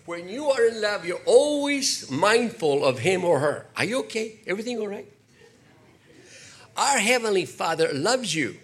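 An older man preaching a sermon, animated, slipping into acted quotes and jokey asides. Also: high voice, a little slow, slightly rough. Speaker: pastor.

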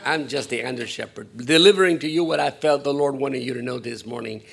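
Gravelly, husky male pastor preaching. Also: mid-range voice, a little fast, hardly any pauses. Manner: rambling, self-deprecating, swings from hushed to emphatic. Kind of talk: sermon.

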